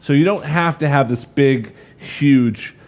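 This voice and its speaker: A man's voice: mid-range voice, slow, darkish tone. A man in his thirties leading a live cooking demonstration, chatty and upbeat, talking straight to the viewers as he works. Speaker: cooking instructor.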